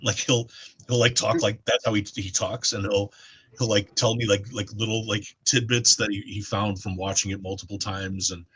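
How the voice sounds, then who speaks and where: A man chatting casually on a stream, rambling and halting with restarts. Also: on the low side, little pitch movement, a bit bright, husky.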